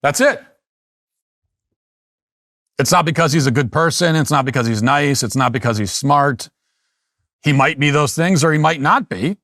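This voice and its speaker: A man's voice: on the high side, normal speed, a bit bright, no room sound, clean studio sound. A middle-aged man delivering an emphatic monologue as a commentary host, repeating and restarting phrases as he argues. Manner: emphatic, repetitive, with frequent restarts.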